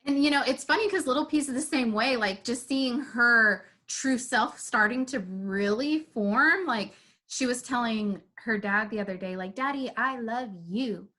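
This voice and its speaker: Bright-voiced, chatty young woman guest. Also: on the high side, normal speed. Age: young adult. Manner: laughing, chatty storyteller. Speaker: podcast guest. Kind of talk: casual chat.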